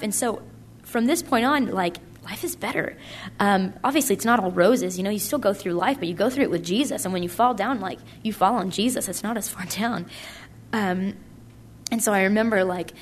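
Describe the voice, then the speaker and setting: A woman's voice: mid-range voice, fairly quick, a little hiss or hum. A young woman giving a casual, chatty personal testimony at a conference, full of likes and ums. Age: young adult. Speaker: speaker at a purity conference.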